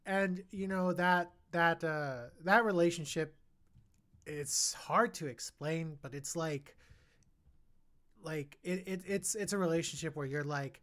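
A man co-hosting a podcast, reviewing a film in casual chat, animated and earnest, quoting characters' thoughts as he talks. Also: fairly high pitch. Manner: animated, acts out characters' thoughts in quick quotes; emotional and earnest about the film. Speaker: podcast co-host.

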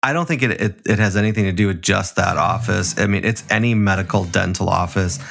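A man with a very low, deep voice chats casually on a podcast, easygoing and profane, often breaking into laughs. A faint hiss of background noise sits under the recording. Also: brisk, gravelly, fairly bright tone. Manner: laid-back, swears freely, laughs often. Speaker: podcast co-host. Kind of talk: casual chat.

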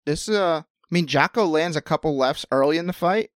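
A man co-hosting a podcast, answering in relaxed, brief takes and often stammering as he starts. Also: a little high, normal speed, no room sound, studio quality. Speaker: podcast co-host. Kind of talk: casual podcast chat about fight scoring.

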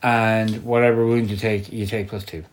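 A man's voice: on the low side, little pitch movement, moderate pace. An Irish man telling stories in casual chat, rambling, swearing freely and laughing often.

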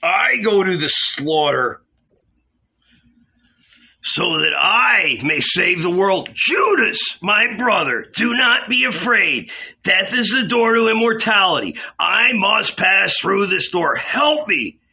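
A man voicing a gentle male teacher who speaks with a trembling, pleading voice in a storybook reading. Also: high voice, big pitch swings, slow pace, gravelly, breathy edge, pitched above the performer's own voice, heavily acted.

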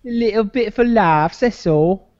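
A man's voice: sits high, unhurried, darkish tone. A man hosting a casual chat, rambling and laughing often, swearing freely. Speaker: podcast host. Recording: dull dry close-mic sound.

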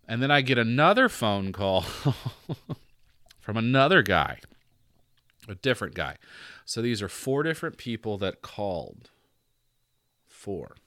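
A young man hosts a podcast and tells a personal story in a relaxed, chatty way. He slips into other people's voices when he quotes them and laughs often as he goes. His voice sits a little low, and the recording is dry and close. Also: moderate pace, no echo. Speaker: podcast host. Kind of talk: casual storytelling monologue.

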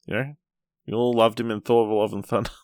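A man hosting a film podcast, reading out trailer details and chatting in a steady way. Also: medium pitch, fairly quick, dry recording, clean studio sound. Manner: steady, reads listings, laughs easily. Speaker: podcast host.

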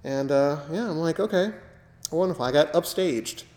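A man co-hosting a casual podcast, telling stories with lively acted-out quotes. His voice sits at an ordinary pitch for a man. The room is echoey, and the reverb rings on for a long time. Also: normal speed. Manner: animated storyteller, acts out quotes. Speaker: podcast co-host. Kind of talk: casual chat.

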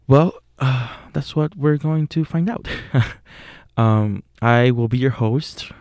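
Slow, gravelly Puerto Rican young man. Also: medium pitch, darkish tone, dry recording, clean studio sound. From Puerto Rico. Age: young adult. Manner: unhurried, with frequent fillers and self-corrections. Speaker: podcast host. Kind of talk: casual podcast monologue.

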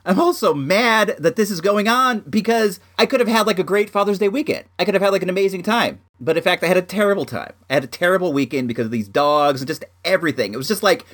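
A man's voice: high-pitched, fast talker, hardly any pauses. A man hosting his own home show, telling a long personal story in a rambling, casual way, full of "like" and "dude". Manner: rambling, animated, heavy use of "like" and "dude".

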